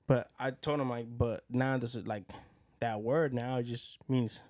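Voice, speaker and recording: A man co-hosts a podcast in a steady, mid-range voice with a darkish tone, speaking a little slowly. He chats casually, telling rambling stories and acting out people's words.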